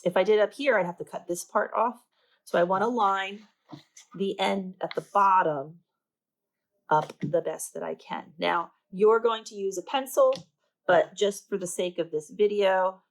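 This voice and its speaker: Her mid-range voice keeps a measured pace, though the audio is poor. As an art teacher demonstrating a paper craft one step at a time, she talks the whole way through her work, chatty and a little self-deprecating.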